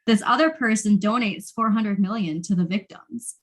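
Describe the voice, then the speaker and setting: A woman's voice: medium pitch, moderate pace. A woman co-hosting a podcast in casual chat, telling stories and acting out quotes with animation. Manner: animated storytelling, acts out quotes. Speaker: podcast co-host.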